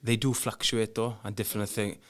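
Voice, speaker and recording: A man's voice: fairly low pitch, little pitch movement, brisk, fairly bright tone. A man hosting a podcast, putting prompting questions to his guests. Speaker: podcast host. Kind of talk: interviewing.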